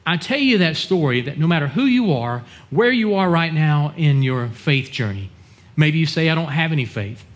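A man's voice: animated, normal speed. Earnest storytelling male pastor. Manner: earnest, acts out quoted dialogue in a lowered voice. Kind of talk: sermon storytelling.

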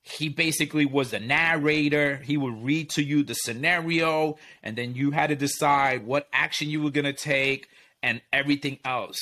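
A man's voice: on the high side, fairly even intonation, moderate pace, pushed and bright. A man and military veteran, chatting casually and telling a long story in a laid-back, profane way, laughing often. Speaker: podcast co-host and veteran.

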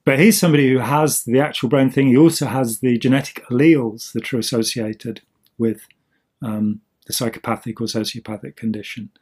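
Husky man explaining casually. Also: mid-range voice, fairly even intonation, a little fast, a little mellow. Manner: rambling, with many ums and restarts. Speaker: podcast co-host.

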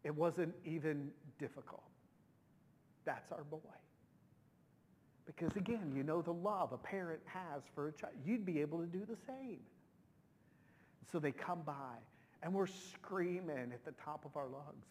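A middle-aged pastor preaches in a relaxed, conversational way, often restarting his sentences as feeling rises in his voice. His pitch sits a little high for a man. A long reverb hangs after each phrase, as in a big sanctuary. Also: a little slow, pauses often. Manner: emotional, conversational with many restarts. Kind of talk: sermon storytelling.

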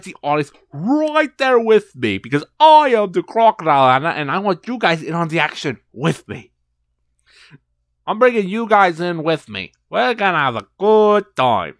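A man voicing an excited male wildlife show host who exclaims loudly. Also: sits high, no room sound, clean studio sound, pitched above the performer's own voice, heavily acted.

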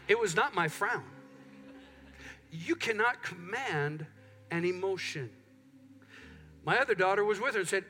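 A middle-aged man preaching a sermon in a church, telling stories and acting out what people say. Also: sits high. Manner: animated storytelling, acts out quotes. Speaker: pastor. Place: church sanctuary.

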